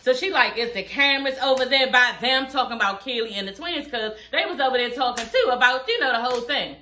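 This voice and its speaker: A young woman recapping a reality show in a sassy, profane, animated way. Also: high voice, fast talker, echoey room. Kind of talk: casual reaction recap.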